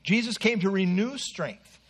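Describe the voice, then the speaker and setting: A man's voice: sits high, unhurried, breathy edge. A man preaching an earnest expository sermon with asides to the congregation.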